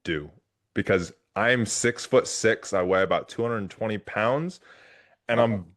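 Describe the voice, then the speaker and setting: A man hosting a casual interview, telling a personal story in an animated way with frequent restarts. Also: fairly low pitch, unhurried. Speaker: podcast host.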